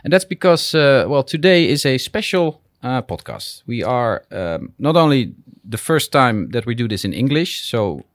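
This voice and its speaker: A man with a Dutch accent hosting a podcast in an office, speaking with many pauses and fillers. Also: mid-range voice, very animated, no room sound, clean studio sound. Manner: hesitant, many fillers and restarts, laughs easily. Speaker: podcast host. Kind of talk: casual interview chat. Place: office building.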